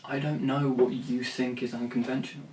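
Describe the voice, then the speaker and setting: A flat, slightly mellow mid-range voice carries the vlogger's rambling talk to camera at normal speed. Blunt and profane, he restarts often. Distant miking gives a roomy sound, with faint ambience and slight background noise.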